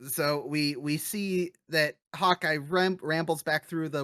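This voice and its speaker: A podcast host giving a lively, chatty episode recap, with frequent fillers and quick laughs. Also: mid-range voice, no room sound, studio quality.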